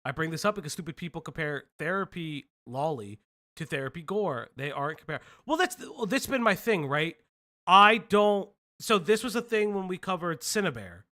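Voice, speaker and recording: A man co-hosting a reaction stream, talking in a loose, animated way, often laughing and swearing. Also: fairly high pitch, normal speed. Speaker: stream co-host reacting to a video. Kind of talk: casual reaction stream chat.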